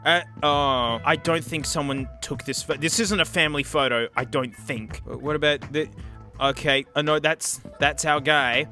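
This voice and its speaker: A man hosting a casual tech video, talking excitably and joking as he goes through old gadgets. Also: fairly high pitch, moderate pace, soft background music. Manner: excitable, jokey, many exclamations and laughs. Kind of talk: casual unboxing commentary.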